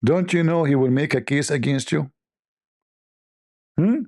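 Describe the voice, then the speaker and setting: Gravelly, mellow-voiced man teasing his chat. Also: on the high side, unhurried, long pauses. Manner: teasing, joking, mock-offended banter. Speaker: livestream host. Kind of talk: casual livestream chat with viewers.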